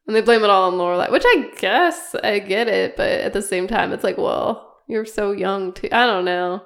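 Woman co-host, relaxed agreeable casual talk. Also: mid-range voice, moderate pace. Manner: easygoing, agreeable, says "like" often. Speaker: podcast co-host. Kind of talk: casual chat.

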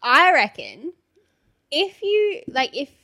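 A young Australian woman co-hosting a casual podcast, bubbly and quick to laugh as she gives advice. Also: sits high, big pitch swings, pushed and bright. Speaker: podcast co-host. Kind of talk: casual chat.

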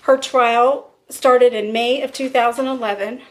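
A woman's voice: on the high side, steady tone, unhurried. Blunt woman telling a crime story. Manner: conversational, blunt, laughs often. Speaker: podcast host telling a true crime case. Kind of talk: casual storytelling.

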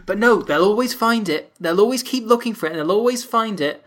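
A man's voice: high-pitched, lively intonation, a little fast, a bit bright. A Welsh man co-hosting a casual chat, laughing often and reading an article aloud with mock drama. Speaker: podcast co-host.

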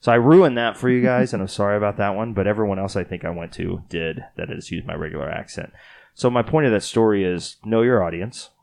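The man's voice is fairly low, creaky and darkish, and he keeps up a quick pace. Hosting his Texas podcast after a late night, he's tired, rambling, and full of jokes about himself.

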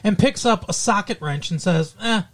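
A man chatting casually on a podcast, his pitch swinging up and down as he retells a scene. He laughs often and jumps into loud, silly voices for the characters. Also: animated, moderate pace. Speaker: podcast co-host. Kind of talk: casual chat recapping a TV show.

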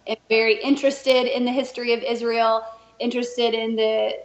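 A woman co-hosting a talk show, telling a story in a casual, animated way and laughing often. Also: on the high side, moderate pace. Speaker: podcast co-host and race director. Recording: echoey room, dull lo-fi sound.

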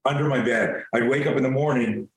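A man guest on a podcast, telling a story in a lively, animated way, swearing casually and acting out the scenes. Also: medium pitch, fairly quick, reverberant, slight background noise, rough recording.

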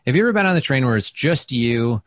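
A man who does stand-up, telling stories in a casual interview, chatty and self-deprecating, with lots of fillers and restarts, and he acts out quoted lines with big jumps in pitch. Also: expressive, fast talker. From Wisconsin. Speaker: stand-up comedian, guest. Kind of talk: casual interview talk, storytelling.

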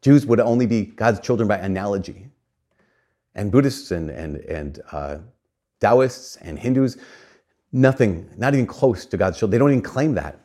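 A man delivers an earnest, animated sermon, telling a story with casual asides and often repeating or restarting phrases. His pitch is fairly low and his speed normal.

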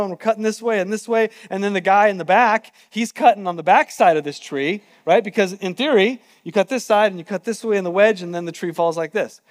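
A man's voice: high-pitched, in a large hall. A man preaching a sermon, telling a story casually and with animation. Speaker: pastor.

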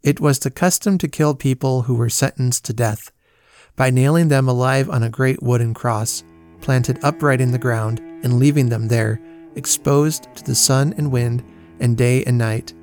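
A man reading a children's Bible story aloud, measured and solemn. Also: mid-range voice, a little mellow. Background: faint guitar music.

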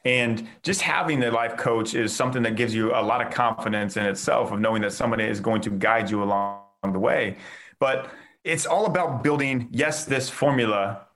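A man's voice: mid-range voice, normal speed, fairly bright tone. A man, a mindset coach speaking in an enthusiastic, casual way in a podcast interview, often saying "like". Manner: enthusiastic, uses filler "like" often.

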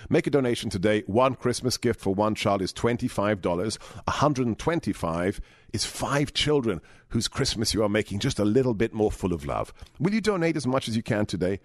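A man's voice: on the low side, no room sound, studio quality. A man with a British accent worn down by years in America, hosting a podcast and reading ads in a theatrical, emphatic way. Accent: British, frayed by years in America. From England. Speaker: podcast host. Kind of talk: podcast talk and ad reads.

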